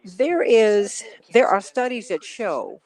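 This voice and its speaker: A woman's voice: on the high side, lively intonation, slow pace, a little mellow. Chatty woman radio show host. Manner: chatty, greets listeners by name. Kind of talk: casual pre-show radio chat. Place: radio studio.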